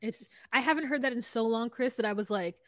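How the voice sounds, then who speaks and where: A woman with a high voice chats through a reality show recap, laughing and acting out what people said. The sound is dry and close to the mic, like a home podcast setup. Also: fast, no room sound. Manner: animated, laughs often, acts out quotes in voices. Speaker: podcast co-host. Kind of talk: casual recap chat.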